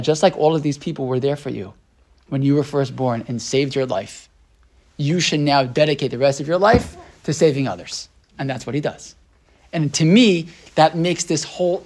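American man, Torah teacher, lecturing a small class, rhetorical questions, thinks aloud. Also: on the high side. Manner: rhetorical questions, frequent "right?" checks.

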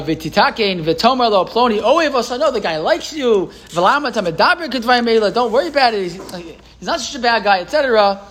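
A man's voice: high-pitched, a bit bright, low-quality recording. A man giving a live Torah class in a classroom, chatting with the audience, quizzing them and reading old texts aloud before translating them. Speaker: Torah teacher.

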